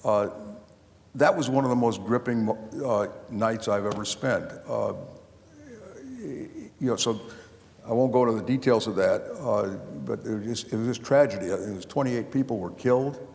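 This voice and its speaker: An older man spins loose, rambling anecdotes, stopping and restarting his sentences as he goes. His voice sits low, with a gravelly rasp at its base. The sound rings with the long reverb of a big hall. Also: moderate pace, a little mellow. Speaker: author and former county official. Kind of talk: storytelling at a live book talk. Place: lecture hall before a live audience.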